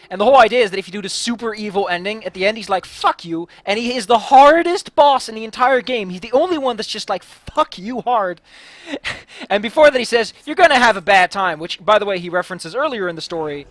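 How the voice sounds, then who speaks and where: A man's voice: high-pitched, expressive, fast talker, no room sound. A young man commentating a game, giggling, rambling and swearing casually. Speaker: let's play host. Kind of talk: gameplay commentary.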